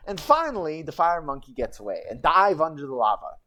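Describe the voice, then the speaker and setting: Woman, streamer storyteller, deep voice, broken goblin-style grammar, rambling asides, very lively pitch. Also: a little fast. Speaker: streamer telling stories. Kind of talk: casual livestream storytelling.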